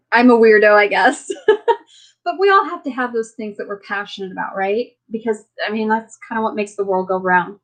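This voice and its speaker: A woman hosts a casual live stream chat in a mid-pitched voice. She rambles from story to story, restarting her sentences and often breaking into laughter. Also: poor audio. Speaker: livestream host.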